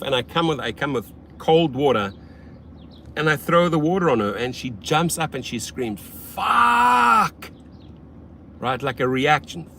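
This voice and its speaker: Over a slight hiss or hum, a rideshare driver hosts a casual livestream. His blunt, frequently profane talk alternates between loud hype and quiet muttering.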